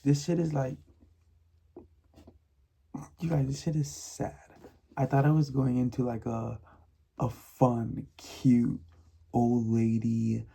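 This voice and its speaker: A man's voice: medium pitch, flat delivery, slow, vocal fry, pauses often, warm tone, husky. A man chatting casually in a reading vlog, emphatic and repetitive, often laughing and sometimes dropping to a whisper. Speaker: book vlogger.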